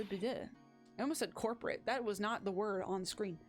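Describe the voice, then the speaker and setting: A woman's voice: mid-range voice, fairly quick, soft background music. A woman streaming a game, chatting in a giggly, rambling, self-mocking way. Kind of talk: casual game-stream commentary.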